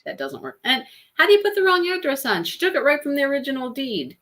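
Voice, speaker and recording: A woman's voice: sits high, wildly swooping pitch, fast talker, a bit bright. A woman hosting a craft channel live stream, chatting casually and laughing often with exasperated asides.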